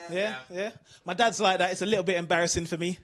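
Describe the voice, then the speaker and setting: A man from the UK doing an animated stand-up routine, asking the crowd questions. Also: high voice, fast talker. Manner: animated storytelling, asks the crowd. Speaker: stand-up comedian.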